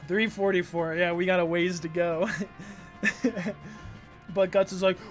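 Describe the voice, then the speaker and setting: A high-voiced man reading a comic aloud at an unhurried pace, stopping often to react. He talks loosely and excitedly, with plenty of swearing. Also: soft background music. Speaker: manga read-along host. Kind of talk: casual read-aloud with commentary.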